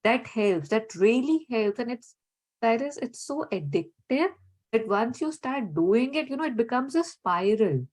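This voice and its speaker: A woman with a fairly high voice talks through her ideas in a calm, thoughtful manner. She gently searches for words as she goes and often leans on "you know". Her tone is that of a relaxed, reflective conversation. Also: a little slow, poor audio.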